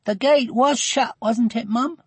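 A man voicing an earnest, bossy young girl in a storybook read-aloud, in a high, eager voice. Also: unhurried, slightly rough, no room sound, heavily acted. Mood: anxious.

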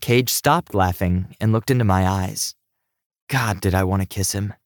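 A male audiobook narrator with a low voice telling the story in a steady, even way. The recording is dry and close, with no room sound. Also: normal speed, dry recording.

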